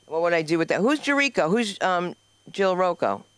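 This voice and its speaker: An older woman with a New York accent, telling rambling stand-up stories on a comedy club stage in a loud, brash, self-deprecating way and chatting with the crowd. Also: lowish voice, sing-song, moderate pace, clear, resonant tone, dry recording.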